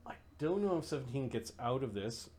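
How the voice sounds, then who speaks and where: A man's voice: medium pitch, lively intonation, brisk, a little mellow, a little hiss or hum. Laid-back male game master. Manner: descriptive, loose, laughing narration. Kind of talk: running a tabletop game.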